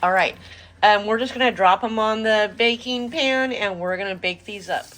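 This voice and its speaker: A woman's voice: mid-range voice, normal speed, a bit bright. Middle-aged woman, home cooking vlog host, enthusiastic casual chatter. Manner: chatty, enthusiastic, talks with mouth full. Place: home kitchen.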